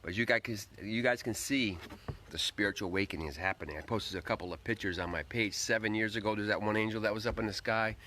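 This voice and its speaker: A man's voice: fairly low pitch, fast talker, pushed and bright, slight background noise. A man hosting a casual livestream, greeting viewers by name and rambling upbeat while he eats. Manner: talks while eating. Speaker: livestream host.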